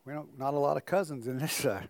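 A man's voice: medium pitch, quick pace, creaky. An older man, a pastor, giving a sermon in a conversational storytelling way with joking asides.

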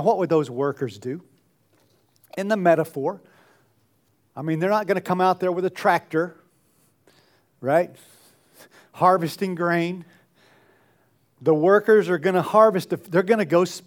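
A pastor preaching a sermon to his congregation, earnest and pleading, often dropping to soft, quiet phrases. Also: sits high, unhurried, long pauses. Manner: earnest, pleading, drops to soft near-murmurs.

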